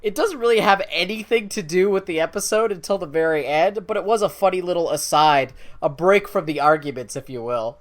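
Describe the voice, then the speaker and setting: Wry, relaxed man on a chatty podcast. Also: sits high, brisk, hardly any pauses. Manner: relaxed, wry, explains at length. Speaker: podcast co-host. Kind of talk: casual chat.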